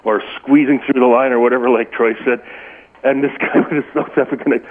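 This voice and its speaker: A man's voice: medium pitch, quick pace. Man, 50s, radio caller, chatty and rambling, tinny phone line. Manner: chatty, rambling with restarts, animated storytelling. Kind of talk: phone-in storytelling.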